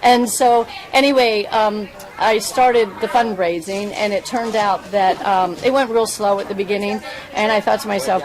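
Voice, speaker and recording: A woman volunteer giving a heartfelt, halting speech at a public event. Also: medium pitch, fairly even intonation, rough recording. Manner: earnest, halting, emotional. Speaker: volunteer fundraiser. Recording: crowd noise behind.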